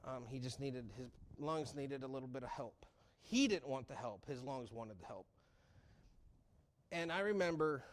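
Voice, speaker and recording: A man giving a personal testimony in a church service, telling the story with emotion, many restarts and sudden loud peaks. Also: on the high side. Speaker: church speaker. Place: church sanctuary.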